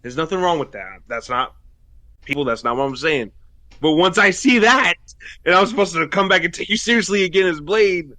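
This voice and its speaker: A man co-hosting a podcast, talking bluntly and profanely with animated joking. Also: high-pitched, normal speed, no echo. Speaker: podcast co-host. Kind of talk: casual chat.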